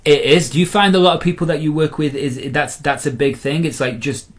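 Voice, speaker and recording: A man's voice: fairly high pitch, fairly even intonation, brisk. A man hosting a podcast interview, affirming briefly and asking follow-up questions. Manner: short affirming interjections, asks follow-ups. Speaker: podcast host. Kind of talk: casual interview talk.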